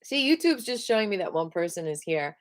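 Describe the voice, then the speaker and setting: A woman teaching a live-streamed qigong class, upbeat and playful, who slows into soft guided cues for breathing. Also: medium pitch. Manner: upbeat and playful, breaks into squeals of excitement.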